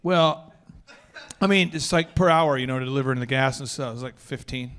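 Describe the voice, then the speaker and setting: A man's voice: mid-range voice, fairly quick, fairly bright tone, clear, resonant tone, voice pushed down, lightly acted. A man voicing a laid-back young male food delivery guy who answers easygoingly and matter-of-factly.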